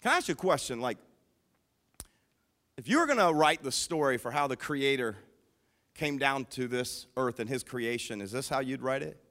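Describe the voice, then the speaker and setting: Bright-voiced man preaching a sermon. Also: mid-range voice, expressive, normal speed, pauses often. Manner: emphatic, rhetorical questions, swings between hushed and loud. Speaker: pastor.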